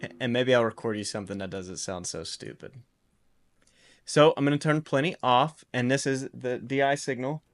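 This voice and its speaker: A man giving a casual home-studio guitar recording tutorial in a relaxed, explanatory way, with loose restarts. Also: mid-range voice, moderate pace.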